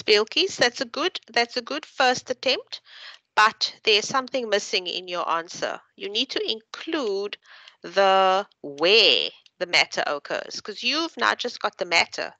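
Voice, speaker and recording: A woman's voice: mid-range voice, vocal fry, pushed and bright, dry recording, poor audio. A woman tutor giving patient, encouraging feedback to students in an online class. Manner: encouraging, patient, explains slowly. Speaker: university tutor.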